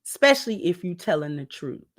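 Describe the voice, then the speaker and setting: A woman giving casual relationship advice to camera, talking conversationally, repeating phrases and dropping low and soft for asides. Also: very animated, a little fast. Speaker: relationship vlogger.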